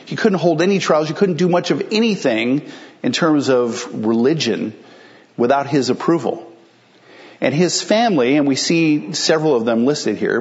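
A man's voice: mid-range voice, lo-fi sound. A male pastor preaching a sermon in a conversational, explanatory way, asking rhetorical questions and answering them.

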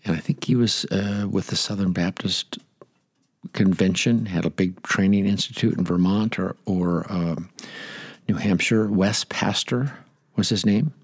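A man's voice: deep voice, measured pace, husky, no echo. An older man, a pastor teaching the Bible on air in a chatty, rambling way with jokey asides, speaking into a studio microphone.

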